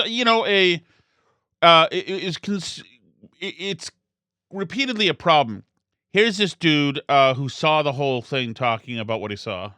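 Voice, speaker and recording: A male podcast host with a bright, crisp voice, recorded close and dry. He rambles casually, interrupting himself and circling back as he sets up his story. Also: medium pitch, no room sound. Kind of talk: casual commentary.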